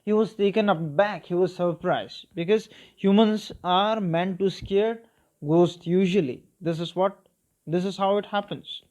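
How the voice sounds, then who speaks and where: A man's voice: high voice, fairly even intonation, darkish tone. A male English teacher reading a story aloud and explaining it line by line, checking in with the class. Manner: explains slowly, checks in with "okay" and "clear".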